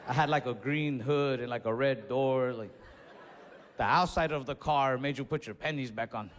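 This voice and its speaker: A man doing stand-up comedy, telling a story in an animated way and acting out what people said. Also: medium pitch, normal speed, long reverb tail, background noise. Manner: animated storytelling with acted-out quotes.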